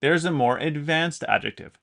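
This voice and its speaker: A man's voice: on the high side, expressive, normal speed, creaky, fairly bright tone. A man, a native English speaker, teaching an online English lesson, patiently explaining example sentences with fillers and self-corrections.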